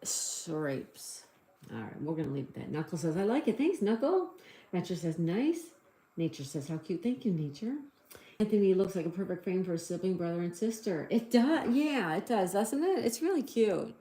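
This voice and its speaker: Woman, middle-aged, livestream host, mellow low voice, echoey room, giggly, chatty. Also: big pitch swings, fairly quick. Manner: chatty, giggly, reads out chat messages. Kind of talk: casual livestream chat reading viewer comments.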